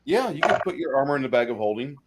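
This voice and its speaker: A man's voice: mid-range voice, sing-song, fast, background noise. A man narrating as game master of a tabletop game, casual and profane, often laughing.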